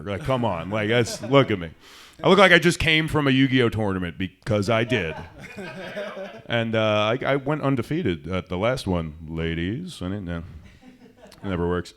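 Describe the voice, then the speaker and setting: A young man doing a stand-up comedy set in a club, rambling and self-deprecating, going from loud bursts to mumbled asides. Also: lowish voice, lively intonation, moderate pace.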